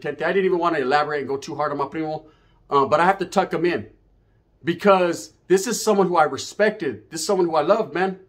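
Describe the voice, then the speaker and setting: Brief: man ranting on his channel, cussing and confrontational, slightly higher voice. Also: a bit bright. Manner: profane, confrontational, swaggering. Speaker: YouTuber. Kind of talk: ranting monologue to camera.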